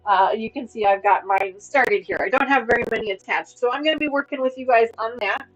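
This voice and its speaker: A woman's voice: on the high side, brisk, fairly bright tone, poor audio. A woman in her thirties hosting a casual sewing livestream from home, chatty and upbeat as she explains her work. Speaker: livestream host.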